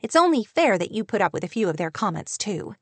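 Romance heroine: woman reading as a bright, teasing young woman, mid-pitched, dry studio sound. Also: sing-song, fast talker, husky, no echo.

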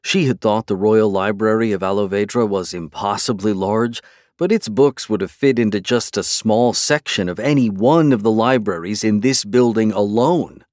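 A man narrating a fantasy novel in a steady, measured storytelling manner. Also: lowish voice, dry recording, clean studio sound. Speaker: audiobook narrator.

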